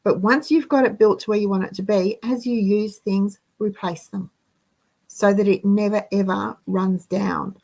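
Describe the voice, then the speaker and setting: A woman's voice: mid-range voice, fairly even intonation, normal speed, creaky, darkish tone, poor audio. A woman hosting a casual live chat, reading out viewer comments as she talks to her audience. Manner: chatty, reads out viewer comments. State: out of breath. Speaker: host.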